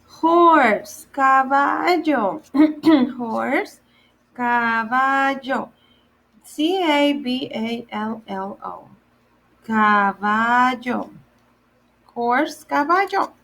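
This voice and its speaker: A woman teaching animal words to children in a slow, patient lesson, repeating each word and spelling it out letter by letter. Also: high-pitched, animated. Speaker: day camp Spanish teacher.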